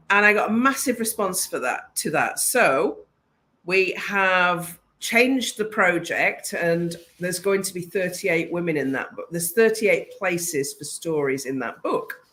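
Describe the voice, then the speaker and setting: A woman's voice: lowish voice, a bit bright. Chatty woman on a live stream. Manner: chatty and enthusiastic, self-interrupting. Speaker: business consultant. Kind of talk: casual live-stream talk.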